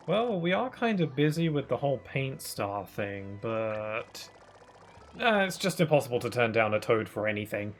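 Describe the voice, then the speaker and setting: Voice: medium pitch, sing-song, moderate pace. Chatty, joking game streamer. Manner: chatty, joking, laughs easily. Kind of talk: casual gameplay chat. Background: faint game music.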